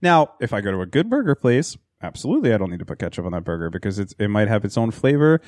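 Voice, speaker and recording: A man's voice: fairly low pitch, sing-song, racing, a little mellow, dry recording. A man hosting a podcast in casual chat, rambling and joking, swearing freely, with a light Philadelphia accent. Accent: picks up a Philadelphia accent. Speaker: podcast host.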